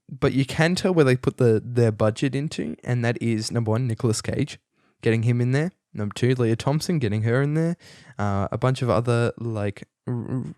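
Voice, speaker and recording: A man's voice: mid-range voice, darkish tone, no echo, studio quality. Chatty young man reviewing a film. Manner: chatty, many fillers and restarts, amused. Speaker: podcast host reviewing a film. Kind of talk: casual rambling review.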